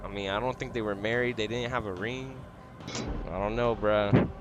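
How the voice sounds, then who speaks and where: A young man talks casually over gameplay, acting out quoted lines in an animated way. His voice sits a little low and drops filler words constantly. Loud noise runs under his mic. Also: normal speed. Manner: animated, acts out quotes, says "bro" and "like" constantly. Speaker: gamer telling a work story.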